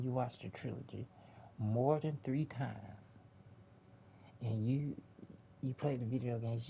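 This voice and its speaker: A man's voice: mid-range voice, gravelly. A man giving a profane, repetitive, exasperated casual movie review rant in a lo-fi home recording. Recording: dull lo-fi with faint hiss.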